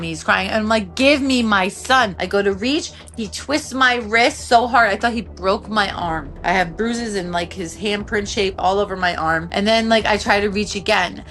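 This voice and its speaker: A woman in her thirties giving a personal testimony, talking in halting bursts with restarts and a lot of "like". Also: medium pitch, fairly bright tone. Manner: halting, many restarts and filler "like". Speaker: survivor telling her own story.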